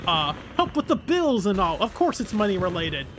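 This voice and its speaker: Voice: mid-range voice, sing-song, normal speed, fairly bright tone, faint music behind. A streamer voicing an easygoing frugal panda. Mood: chatty. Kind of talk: voicing game dialogue aloud.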